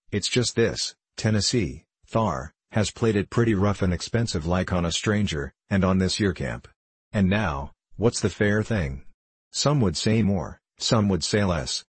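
A man voicing a grave, earnest, stout male miner who speaks in rough backwoods dialect. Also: low-pitched, dry recording.

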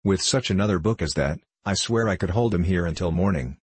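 A man's voice: low voice, a little fast, darkish tone, husky. A man reading as an eager, fretful politician. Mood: bitter, wild. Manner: eager, tense. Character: agitated male British politician, nervous, eager.

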